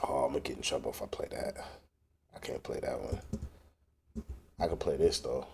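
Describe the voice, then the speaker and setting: A man hosting a late-night livestream. His voice sits very low, and his talk is loose, profane and off the cuff as he answers comments from the chat. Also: fairly quick, creaky, a little mellow, slight background noise. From northern England. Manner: loose and profane, reacting to chat between tracks. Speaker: livestream host and rapper.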